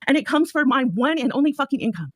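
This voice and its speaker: Fast-ranting profane woman, high voice. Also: big pitch swings, dry recording. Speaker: community member on a stream call. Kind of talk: heated argument on a livestream call.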